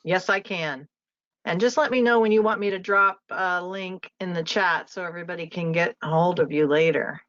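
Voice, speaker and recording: A woman with a lowish voice hosts a live webinar over a video call. She talks in a chatty way and reads long introductions with small asides. The audio is dry and muffled, like lo-fi web call sound. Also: moderate pace, a bit bright, no echo. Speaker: webinar host.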